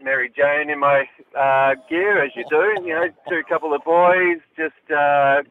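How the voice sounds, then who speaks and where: A man's voice: fairly high pitch, steady tone, measured pace. A man calling in to a radio show and telling a rambling story in a laid-back way. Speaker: caller. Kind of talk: phoned-in anecdote. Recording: tinny phone line.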